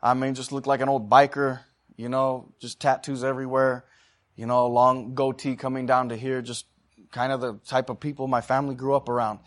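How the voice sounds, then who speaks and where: A man preaching a sermon. He swings between loud, fervent exhortation and quiet, chatty storytelling, and he calls out to the congregation for responses. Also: medium pitch, flat delivery, fairly quick.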